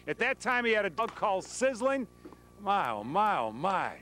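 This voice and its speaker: A man anchoring a live TV sports segment outdoors, lively and joking with his guests. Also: high-pitched, normal speed.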